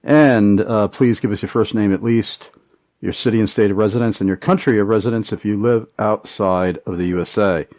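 Low-voiced man hosting a call-in radio show. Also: steady tone, a little mellow, dry recording, dull audio. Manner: long winding questions with many "uh" pauses. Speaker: radio talk show host.

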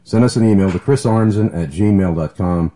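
A man hosting a call-in radio talk show, jovial and quick to laugh, reading out listener questions. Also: low voice, warm tone. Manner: jovial, laughs often, fumbles for papers.

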